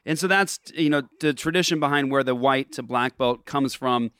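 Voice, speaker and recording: A chatty man hosts a casual talk show, telling stories and laughing easily. His voice sits at a middling pitch. The sound is dry and close to the mic. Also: moderate pace, a bit bright, clean tone, no room sound. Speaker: podcast host. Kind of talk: casual chat.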